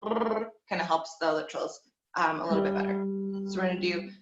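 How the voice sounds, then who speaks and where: A woman's voice: on the low side, moderate pace, roomy sound, highs cut off, loud music behind the voice. A woman teaching a group voice lesson over a video call, coaching in an easy, encouraging way with plenty of fillers.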